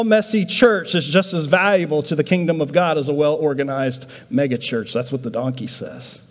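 A man preaching a sermon as pastor, telling the story with lively acted-out voices of the disciples. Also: fairly high pitch, big-room sound. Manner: animated storytelling, voicing disciples in a raised voice. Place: church sanctuary.

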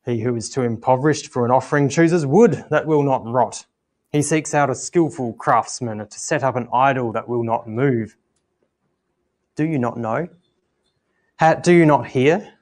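A man preaching a communion sermon at church and reading scripture aloud in a measured, earnest way. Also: medium pitch, a little mellow.

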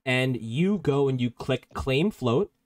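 A man's voice: medium pitch, lively intonation, takes it slowly, dry recording, clean studio sound. A man teaching a live online coding workshop in a casual, rambling way, reacting to chat and prone to giggling. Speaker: workshop instructor.

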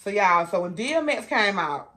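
Woman vlogger, forties, casual storyteller, warm and chatty. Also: medium pitch, animated, moderate pace, slight background noise. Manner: chatty, addresses viewers as y'all, laughs often. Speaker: food vlogger.

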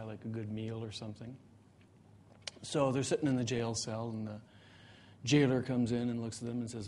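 A man presenting at a meetup, telling a joke and then explaining his ideas in a measured way. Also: medium pitch, slight background noise. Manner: relaxed joking storyteller, then measured explainer. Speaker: presenter, guest speaker. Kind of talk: live talk at a meetup. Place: meetup room in front of an audience.

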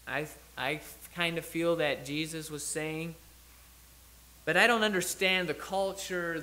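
A man delivers a sermon in a church, with a fairly high, bright and forceful voice. He talks it through like a conversation, stopping to restart or correct himself as he thinks out loud. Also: slight background noise. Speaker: preacher.

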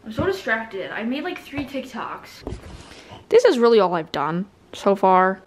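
A woman's voice: fairly high pitch, big pitch swings, a little slow, slight background noise. A young woman vlogging casually at home, scattered and self-mocking. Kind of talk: casual talking to camera. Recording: echoey room with faint ambience.

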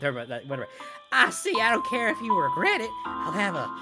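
A woman narrating her own horror game playthrough, loud and excitable, her pitch leaping all over as she swears and laughs. Game music plays clearly underneath her voice throughout. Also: brisk. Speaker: gaming video host. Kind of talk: horror game let's play commentary.

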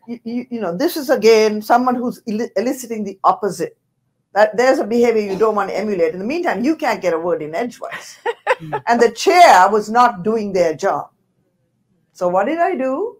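An older woman speaks as a guest on a leadership panel. She tells her stories with animation and a ready laugh, her voice in the middle of the usual range. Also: mid-range voice. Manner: lively storyteller, laughs through points. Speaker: panel guest, former university president. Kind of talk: anecdotal panel talk.

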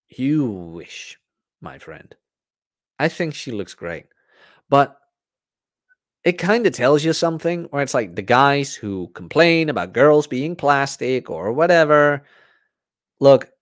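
A man's voice: mid-range voice, no echo, studio quality. A man hosting a podcast, talking in a casual, blunt and profane monologue. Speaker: podcast host.

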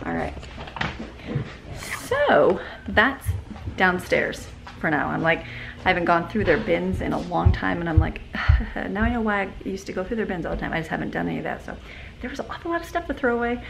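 Over music, a middle-aged mom talks in an animated, brisk, creaky voice while filming a handheld vlog around her kitchen and basement. She's chatty and upbeat, switching to a high sing-song voice for her dogs, in a noisy home recording.

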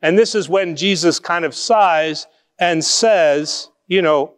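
High-voiced man preaching a conversational sermon. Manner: conversational preaching with rhetorical questions; lively shifts between quick and slow emphatic phrasing. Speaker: pastor.

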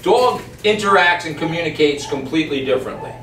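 High-pitched male dog trainer, distant and echoey. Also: fairly quick. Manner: calm, emphatic, talks to the dog in between. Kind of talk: on-the-spot training demonstration. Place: yard and doorway of a house. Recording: distant, echoey camera audio with background noise.

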